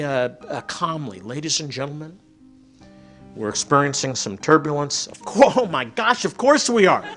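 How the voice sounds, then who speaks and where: A man preaching a sermon, telling stories and dropping to a soft hush for emphasis. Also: a little high. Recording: faint music behind.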